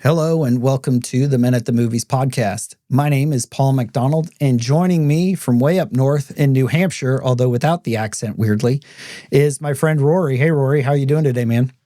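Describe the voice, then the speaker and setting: A man's voice: medium pitch, moderate pace, no room sound, studio quality, faint music behind. Laid-back man hosting a podcast. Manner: relaxed, laughs easily, many fillers. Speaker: podcast host. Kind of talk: casual podcast chat.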